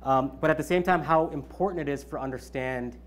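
A man's voice: fairly high pitch, a little fast. A man in his thirties giving an opening keynote at his own event, conversational, with many ums and you-knows. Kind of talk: conference keynote speech.

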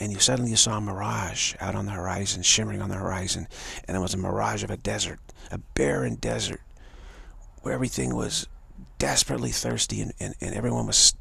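Guy giving a spiritual talk, super gravelly and husky, keeps restarting his words, dry close sound. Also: lowish voice, a bit bright, no room sound. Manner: halting, repeats words and restarts; acts out quoted voices in a story. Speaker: spiritual teacher.

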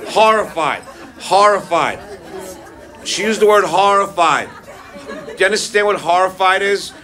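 A man doing a profane, confrontational stand-up set, recorded live on a club stage with a handheld mic. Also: on the high side. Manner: profane, confrontational, aggressive punchlines. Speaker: stand-up comedian. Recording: live club recording with loud crowd laughter.

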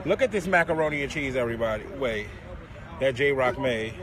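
A man's voice: mid-range voice, lively intonation, fairly quick. A man hosting a casual live stream outdoors on a city street and filmed on a handheld phone. He talks in a sassy, dramatic way, full of endearments and swearing. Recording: busy street crowd noise.

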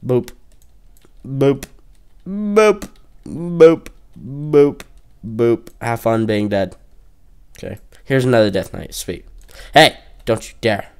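With long pauses and a slow pace, a young man's slightly mellow, clean mid-range voice carries his casual gameplay commentary. He jokes around, trash-talks opponents, and drifts into off-key singing.

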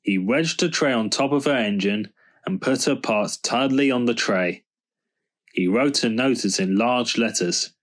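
A man reading a children's storybook aloud in a calm, measured narration. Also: fairly low pitch. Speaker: storybook reader.

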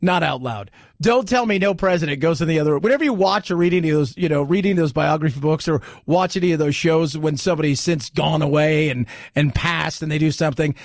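A man's voice: on the high side, fast talker, no room sound, studio quality. A man hosting a political commentary show, talking in a loose conversational way with rhetorical asides. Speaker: host.

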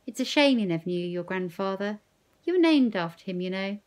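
A woman's voice: medium pitch, lively intonation, fairly quick, lightly acted. A woman reading a novel aloud, voicing an elderly grandmother who speaks earnestly and coaxingly. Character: elderly grandmother, gentle but firm.

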